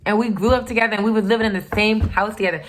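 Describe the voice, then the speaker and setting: A young woman vlogger recounts a personal story in a casual, emphatic way. She is blunt and profane, and her voice sits at a middle pitch. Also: fairly even intonation, rapid-fire, slight background noise. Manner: candid, profane, emphatic retelling.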